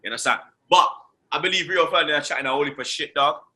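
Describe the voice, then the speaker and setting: A man hosting a casual football fan show, ranting in an animated, slangy way, swearing and firing off "you understand" and "blood.". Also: a little high, quick pace. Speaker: host.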